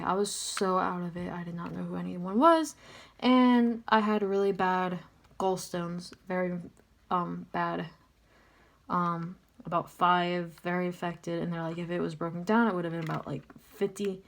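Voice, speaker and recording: A woman's voice: fairly low pitch, measured pace, gravelly. Chatty woman telling a story. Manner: chatty, filler-heavy, lots of "like" and "um". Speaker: vlogger. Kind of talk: casual storytelling.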